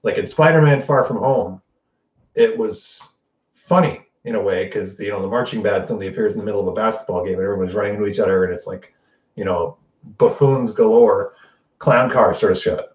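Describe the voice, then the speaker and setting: A man with a lowish voice chats his way through a casual spoiler recap, cursing freely and acting out quotes. He sounds set back from the mic in an echoey room, and the sound is a little dull and lo-fi. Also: fairly quick. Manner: animated and profane, acts out quotes. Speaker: host. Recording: distant roomy dull lo-fi mic.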